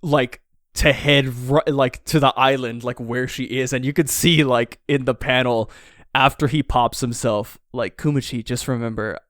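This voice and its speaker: A man co-hosting a podcast, chatting casually in a slangy, excited way and often saying "dude". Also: medium pitch, a little slow, no room sound, studio quality. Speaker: podcast co-host. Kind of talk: casual chat, recapping a comic chapter.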